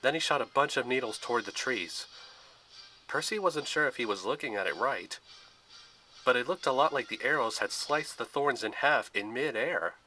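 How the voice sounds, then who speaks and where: A man narrates an adventure story with a steady, expressive read. His voice is very bright and sharp, at an ordinary pitch for a man. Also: normal speed, soft background music, poor audio.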